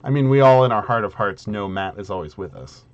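Man, game master, tabletop game, playful banter, lively swooping voice, muffled lo-fi sound. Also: on the low side, fairly quick. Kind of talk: running a tabletop game, reading rules and voicing an NPC.

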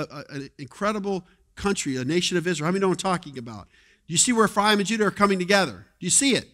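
A male pastor preaching a sermon in a conversational way, moving between quiet asides and loud exhortation. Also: sits high. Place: church sanctuary.

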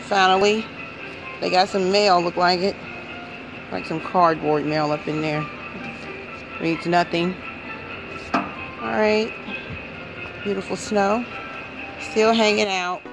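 A woman's voice: fairly low pitch, slow, long pauses, over music. A woman from New York City vlogging while driving, chatting playfully and upbeat and joking around in a casual way. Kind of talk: casual chat. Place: in a car, out driving. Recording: distant mic with loud road noise.

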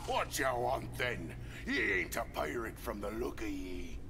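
An actor playing a gruff, hostile male pirate thug with a growling, threatening manner. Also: mid-range voice, big pitch swings, unhurried, music in the background. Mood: suspicious. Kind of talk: video game voice acting.

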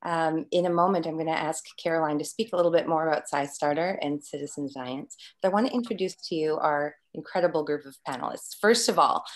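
A woman moderating a live Q&A panel over a video call, upbeat and effusive, laughing easily as she introduces guests. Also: deep voice.

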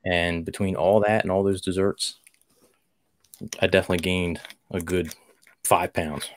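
A man's voice: low voice, fairly even intonation, a little slow. A man co-hosting a casual podcast, telling his news in an easygoing way. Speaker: podcast co-host. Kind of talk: casual chat.

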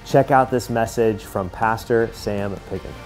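A man's voice: lowish voice, a little slow, over music. A man leading a church's announcements in an upbeat, encouraging way before introducing a guest preacher. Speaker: church leader giving announcements.

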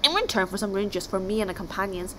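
A woman's voice: mid-range voice, expressive, fast talker, sharp tone, slight background noise, poor audio. A woman voicing a clever, polite young male Viking who outwits a sea god. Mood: courteous. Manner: courteous, sly.

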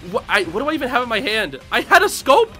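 Excitable young man, game commentary. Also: very high voice, fast talker. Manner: excitable, laughing, loud outbursts. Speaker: gaming channel host. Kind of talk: casual live game commentary. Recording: game music behind.

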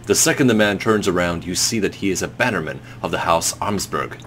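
A man co-hosting a gameplay chat, playful and animated, reading story text aloud. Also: low voice, brisk. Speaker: co-host.

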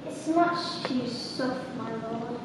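A woman voicing a gentle, doubting female angel in a dramatised church reading, speaking slowly and questioningly. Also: fairly high pitch, noisy background. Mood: wondering. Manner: slow, wondering, questioning. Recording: echoey church heard from far off.

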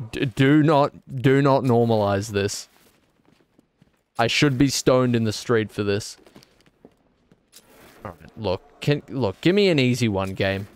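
A man's voice: lowish voice, clean tone, dry recording. A young man streaming a game, rambling and joking as he answers his chat. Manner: rambling, jokey, talks back to chat. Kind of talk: casual gaming stream commentary.

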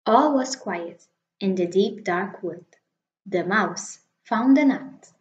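A woman reading a children's picture book aloud in an expressive, unhurried way. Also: medium pitch. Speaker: storybook reader. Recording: echoey dull lo-fi room.

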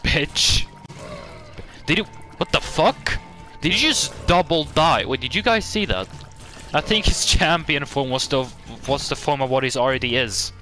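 Guy yelling and cussing thru his gameplay, bright punchy voice, game music faint in the back. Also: on the high side, unhurried. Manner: excitable, swearing, jokey outbursts. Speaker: gaming channel host. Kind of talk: gameplay commentary.

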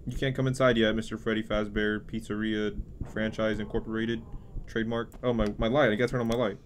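A young man giving crude, joking let's play commentary while playing a horror game, swinging between yelling and muttering. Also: fairly low pitch, flat delivery, fairly quick, slight background noise. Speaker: gaming youtuber.

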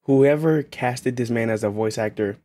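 A man's voice: medium pitch, normal speed, mellow, faint music behind. A young man reacting to an anime episode, casual and profane, anxiously exclaiming and pleading. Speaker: reaction video host. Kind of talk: live reaction commentary.

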